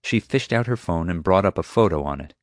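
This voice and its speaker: A man narrating an audiobook with expressive, storytelling delivery. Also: sits low, brisk, dry recording, studio quality.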